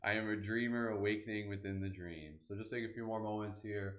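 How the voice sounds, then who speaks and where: A man leads a live guided meditation in a low, relaxed voice. He talks casually, with plenty of "like" and "kind of" as he walks listeners through breathing. The sound carries a noticeable room echo. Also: brisk, hardly any pauses. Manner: relaxed, affirmations and laughter breathing. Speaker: meditation host.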